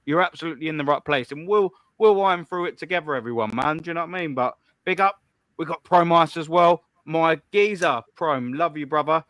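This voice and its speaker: A man's voice: on the high side, brisk, fairly bright tone, no room sound. A young man hosting a live call-in stream, ranting bluntly and profanely in a combative way.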